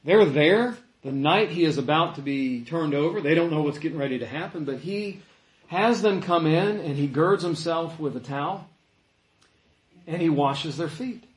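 Man, pastor, sermon, higher voice, echoey room. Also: moderate pace. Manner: animated, acts out quoted voices.

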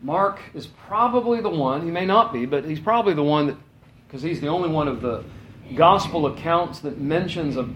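A man preaching a sermon in a conversational, animated way, with casual asides. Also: on the high side, reverberant, a little hiss or hum, poor audio.

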